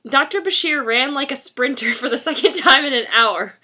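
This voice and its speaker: A woman's voice: high-pitched, lively intonation, normal speed, bright, forceful tone, breathy edge. A woman reading a fan story aloud with a friend, bemused and giggly, often losing track of the plot. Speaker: fanfiction reader and commenter. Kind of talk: casual mocking read-aloud.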